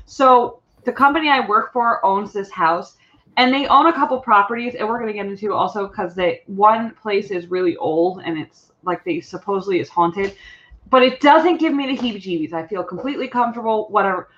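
A woman's voice: mid-range voice, a little fast, fairly bright tone. A woman co-hosting a podcast, chatting casually in a rambling way. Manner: chatty, rambling, full of fillers. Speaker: podcast co-host. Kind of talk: casual chat. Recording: dull lo-fi sound.

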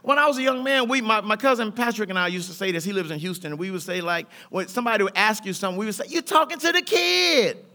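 A middle-aged male pastor preaches in a church sanctuary with mounting fervor, his delivery loose, rhythmic, and colloquial. His voice sits high and bright, forceful and rapid-fire with few pauses.

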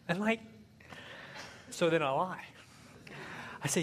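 A man from giving a humorous marriage talk, telling stories and jumping into high voices for the people he quotes. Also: expressive, normal speed, pauses often, a bit bright, slight background noise. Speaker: marriage seminar speaker. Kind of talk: humorous sermon-style talk with acted anecdotes.

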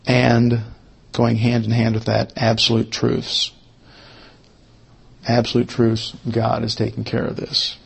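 A man with a gravelly, husky voice teaches a Bible lesson. He goes over each point more than once at a slow, careful pace, as if giving his class time to write it down. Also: medium pitch, completely flat delivery. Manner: repeats key points slowly, as if for note-taking. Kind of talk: Bible study lecture.

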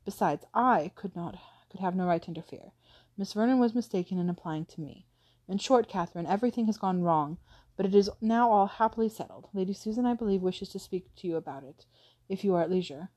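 A woman reading the lines of a flustered, apologetic young gentleman in an audiobook, with a hesitant, halting manner. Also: mid-range voice, animated, natural voice.

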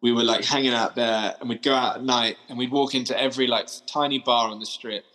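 Bright-voiced man, animated storyteller. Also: mid-range voice, brisk, rough recording. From London. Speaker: band member and songwriter. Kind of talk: casual interview chat.

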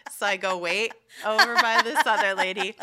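A young woman chatting casually as a podcast co-host, telling a story in an animated way, swearing freely and acting out what people said. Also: mid-range voice, moderate pace. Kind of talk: casual chat.

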